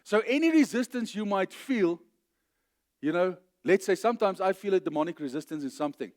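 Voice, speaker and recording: Male pastor, South African accent, middle-aged, emphatic church sermon, slightly high voice. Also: expressive, a little fast. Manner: emphatic, rising to loud declarations then dropping low.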